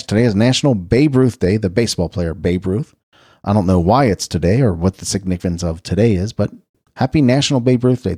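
A middle-aged man hosts a radio show in a rambling, chatty way, often stopping to correct himself. His voice sits low and swings widely in pitch. The sound is dry and close, with no room around it. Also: a little mellow, breathy edge, dry recording. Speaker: radio host. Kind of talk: casual birthday and history rundown.

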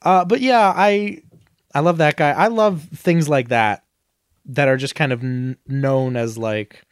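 An enthusiastic man chatting on a podcast, his voice sitting a little higher than most. He tends to repeat himself as he gets excited. The sound is dry and close. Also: measured pace, clean tone, no room sound. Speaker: podcast co-host. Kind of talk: casual chat.

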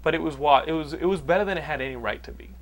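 A man's voice: a little high, very fast, a little hiss or hum. A man hosting a podcast, recapping a movie plot in casual chat with many restarts. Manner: rambling, restarts a lot. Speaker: podcast host.

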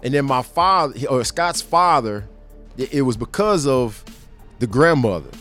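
A middle-aged man tells a story from his youth in a casual, animated way, laughing now and then and tripping over his words. His voice sits in an ordinary middle pitch and leaps up when he acts out other people's lines. Faint music plays behind him. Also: unhurried. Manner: laughs and restarts often. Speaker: podcast host.

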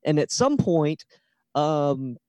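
A man's voice: on the high side, sing-song, slow, a little mellow, no room sound, lo-fi sound. A man in his thirties co-hosting a podcast, telling a story with lots of build-up in casual chat. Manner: chatty storyteller with long build-ups. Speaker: podcast co-host.

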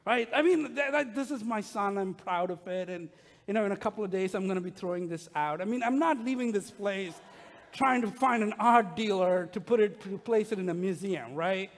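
A middle-aged man, a pastor, preaching a sermon with animated, humorous personal stories to his congregation in a church. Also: high voice, normal speed. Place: church sanctuary. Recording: long reverb of a large hall.

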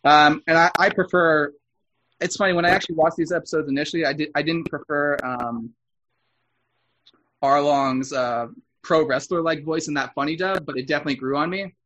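A man with a somewhat high voice chats loosely as a podcast co-host. He rambles, circling back with fillers and restarts as he goes. His tone stays conversational throughout. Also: steady tone, a little fast, a bit bright, poor audio. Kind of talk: casual chat reviewing an anime dub.

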